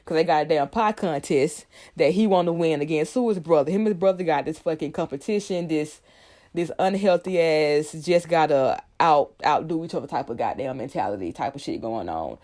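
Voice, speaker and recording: A woman's voice: sits low, moderate pace, a little mellow. A woman vlogger giving a casual, profanity-laced recap of a TV episode, talking animatedly with lots of fillers.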